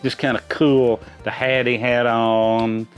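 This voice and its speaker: A man's voice: mid-range voice, little pitch movement, takes it slowly, faint music behind. A middle-aged man, a dad hosting a trivia chat, answering in rambling, folksy explanations. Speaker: quiz host, a gamer's dad answering questions. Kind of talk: casual chat.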